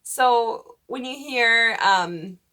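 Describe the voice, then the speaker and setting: Woman voice teacher with slow, careful delivery. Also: on the high side, pushed and bright. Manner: explains patiently, breaks into sung vowel examples. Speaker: voice teacher for church cantors. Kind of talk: instructional talk with sung demonstrations.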